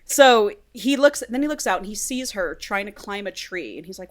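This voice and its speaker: A woman co-hosting a podcast, recapping a book in animated, chatty casual talk. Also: mid-range voice, normal speed. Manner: chatty, animated storyteller, laughs often. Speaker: podcast co-host.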